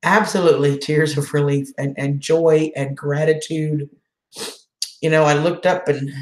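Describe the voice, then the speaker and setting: A woman's voice: low-pitched, fairly even intonation, normal speed, roomy sound. A woman hosting a casual live chat, emotional as she answers viewer comments. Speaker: channel host doing a live chat.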